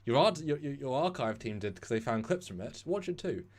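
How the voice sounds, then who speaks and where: A man's voice: medium pitch, brisk. Rambling sarcastic man. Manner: animated, rambling, sarcastic asides. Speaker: co-host. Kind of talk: casual live-stream chat.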